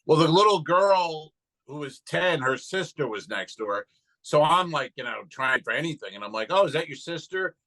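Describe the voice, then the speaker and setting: A man's voice: on the high side, normal speed, pushed and bright, low-quality recording. A man, a stand-up comedian, chatting loosely on a podcast and retelling gigs with plenty of swearing. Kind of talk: casual chat.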